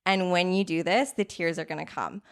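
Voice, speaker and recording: Smooth and low-leaning, this guest coach's voice holds a steady tone and moves a little fast. She's a woman in her thirties on a podcast, earnest and casual in interview mode, often voicing inner thoughts and asking "right?"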